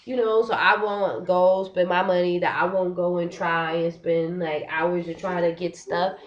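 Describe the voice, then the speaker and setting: A woman's voice: fairly low pitch, unhurried. Young woman ranting to her camera, lots of "like", kinda frustrated, audio a bit dull. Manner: frustrated, animated, heavy use of "like". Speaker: vlogger. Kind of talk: casual vlog rant. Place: living in Korea.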